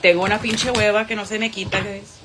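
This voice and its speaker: A woman's voice: medium pitch, level tone, fast, background noise. A woman doing a live tarot reading, blunt and profane, switching between English and Spanish. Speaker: tarot reader.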